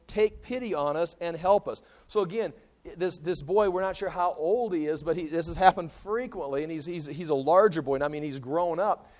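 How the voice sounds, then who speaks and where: A man teaching a sermon, reading Bible passages and explaining them in a conversational way that often repeats words. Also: high-pitched. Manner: conversational, repeats words while thinking aloud, reads scripture aloud. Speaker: preacher.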